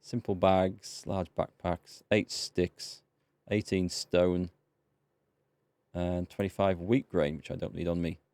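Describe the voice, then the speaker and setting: A man's voice: low-pitched, flat delivery, slow pace, vocal fry, a little mellow, no room sound. A man chatting casually with wry asides while playing a video game as a let's play host. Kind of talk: casual gameplay commentary.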